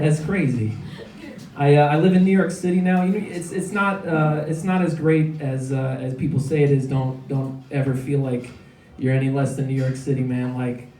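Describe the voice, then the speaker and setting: A man's voice: a little high, recorded from a distance. A male comedian performing a headline stand-up set in a comedy club, rambling and self-deprecating, with lots of hesitant fillers. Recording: echoey club, taped from afar, loud crowd. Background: audience laughter.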